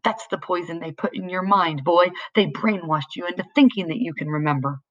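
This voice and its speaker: A woman's voice: lowish voice, a little fast, distant mic, muffled recording, lightly acted. A woman reading the part of a menacing grown man, a killer father, who talks coldly and dismissively. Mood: scornful. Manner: cold, dismissive.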